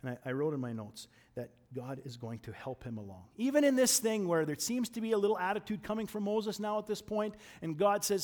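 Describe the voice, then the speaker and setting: A man preaching a sermon in a conversational way, often restarting and repeating words, and moving between raised emphasis and quiet asides. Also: high-pitched, animated, brisk, hardly any pauses.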